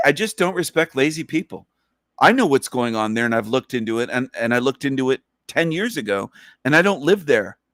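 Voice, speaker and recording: A man hosting a livestream who rants emphatically, hammering each point again and again and swearing often. His voice sits at an ordinary male pitch. The sound is close and dry, with no room echo. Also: a bit bright. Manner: emphatic, profane, repetitive ranting. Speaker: livestream host. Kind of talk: livestream commentary rant.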